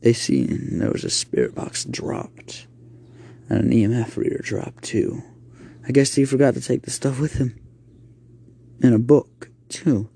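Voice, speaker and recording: A man telling an improvised horror story in a halting way, with slips and restarts. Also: mid-range voice, vocal fry, warm tone, breathy edge.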